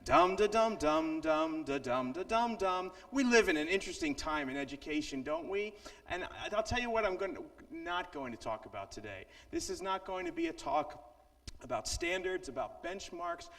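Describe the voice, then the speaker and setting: A playful, self-mocking man gives a keynote speech and coaxes the audience to join in. His voice is high and lively, with a gravelly edge. It sounds distant, echoing through a large hall. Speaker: motivational speaker. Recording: echoey hall from far off.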